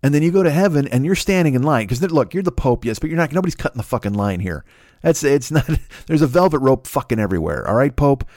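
A man delivering a rambling, profane comedic monologue, slipping into quick voices for the people in his story. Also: mid-range voice, animated, darkish tone, no echo, clean studio sound. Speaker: podcast host.

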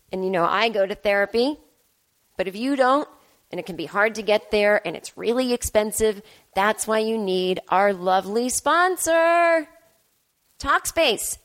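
Woman podcaster rambling through a funny story, mocks herself, does both sides of the chat. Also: mid-range voice. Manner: animated, self-deprecating, acts out both sides of the story. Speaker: podcast host. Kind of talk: solo comedic storytelling. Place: home apartment.

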